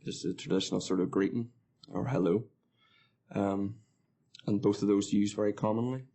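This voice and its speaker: A man from near Belfast with a Northern Irish accent softened by years in England, talking in a relaxed way with frequent uhs. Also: on the low side, fairly quick, creaky, background noise. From near Belfast, Northern Ireland. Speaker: speaker describing his accent. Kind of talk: unscripted monologue for a language lesson.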